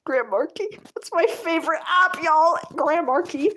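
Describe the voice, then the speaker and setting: A woman's voice: very high voice, measured pace, a bit bright, a little hiss or hum. A woman telling a fan story casually while drawing, giggling and rambling with lots of fillers. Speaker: channel host.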